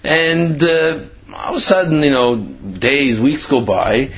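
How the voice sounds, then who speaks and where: A man's voice: on the high side, unhurried. A man teaching by telling a story in a rambling way, acting out the quotes, on a dull lo-fi recording. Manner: rambling, many fillers, acts out quotes. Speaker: Torah teacher. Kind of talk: storytelling talk.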